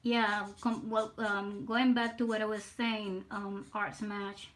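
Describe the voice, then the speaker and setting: A woman chatting casually with viewers on her live art stream, rambling and pausing to greet people. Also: mid-range voice, little pitch movement, a bit bright, poor audio. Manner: rambling, talking to chat viewers.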